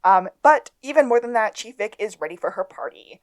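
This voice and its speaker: A woman co-hosting a podcast, recapping a TV episode in casual chat and jumping up in pitch to quote characters. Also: brisk. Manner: expressive, swoops up for quoted lines. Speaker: podcast co-host.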